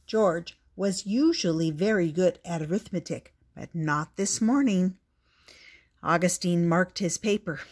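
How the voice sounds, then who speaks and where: An older woman reading a children's picture book aloud, gentle and deliberate, with little asides to the listener. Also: fairly low pitch. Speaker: storyteller.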